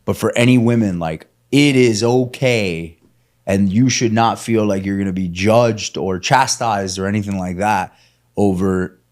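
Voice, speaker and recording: Blunt, swearing man on a podcast. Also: unhurried. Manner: blunt and emphatic, grows loud and high when worked up; swears freely. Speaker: podcast co-host. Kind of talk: candid unscripted podcast talk.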